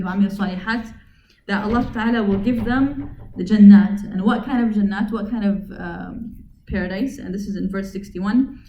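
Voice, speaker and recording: A woman's voice: mid-range voice, slight background noise. Earnest woman giving a religious reflection, echoey. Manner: earnest, conversational, recites Arabic verses quickly. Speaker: Islamic speaker. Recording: echoey room over tinny phone-like line.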